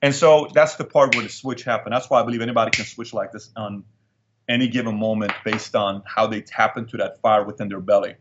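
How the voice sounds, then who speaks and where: A man's voice: on the low side, fairly even intonation, a little fast, background noise. Man, middle-aged, interview guest, emphatic storyteller, repeats for effect, muffled lo-fi sound.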